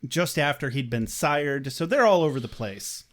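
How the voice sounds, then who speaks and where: A man with a slightly high voice co-hosting a casual review podcast. He recaps scenes in a playful, animated way and laughs often. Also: normal speed. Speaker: podcast co-host. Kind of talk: casual chat, episode review.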